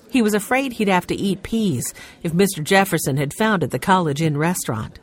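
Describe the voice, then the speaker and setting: A woman's voice: low-pitched, normal speed. A woman narrating a children's storybook and voicing the characters. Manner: expressive, voices the characters. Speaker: audiobook narrator.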